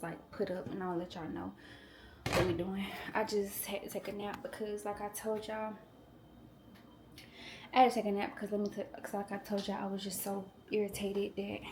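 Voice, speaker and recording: A young woman in her twenties talks to her viewers in a relaxed, chatty way as she cooks in her home kitchen. She sits a little back from the microphone, so her voice sounds slightly distant. Her pitch sits in an ordinary middle range for a woman. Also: background noise. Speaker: pharmacy student vlogger. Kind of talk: casual chat. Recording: voice a bit far from the mic.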